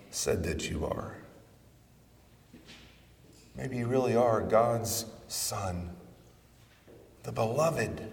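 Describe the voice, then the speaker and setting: A man preaching a sermon in the form of a conversational prayer, measured, with dramatic pauses. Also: lowish voice, gravelly. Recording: roomy reverberant hall, voice from a distance.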